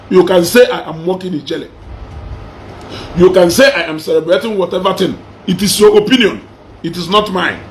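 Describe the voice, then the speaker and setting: Brief: Igbo-accented Nigerian male commentator, high voice, combative, taunting, repetitive rant. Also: slight background noise. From southeastern Nigeria. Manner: mocking, combative, repeats phrases for emphasis. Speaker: social media commentator.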